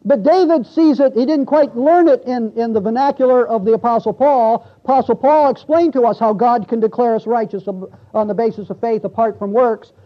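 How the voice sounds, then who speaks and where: A man's voice: very high-pitched, moderate pace, few pauses, lo-fi sound. A man preaching a sermon in a church, talking conversationally with the congregation and reading scripture aloud. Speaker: pastor. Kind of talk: expository sermon.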